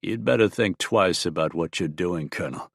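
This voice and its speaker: A man voicing a calm frontier gunfighter in an audiobook, with a flat, hard, drawling delivery. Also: deep voice, moderate pace, vocal fry, slightly rough, no room sound, studio quality, heavily acted. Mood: steely. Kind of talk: audiobook character voice.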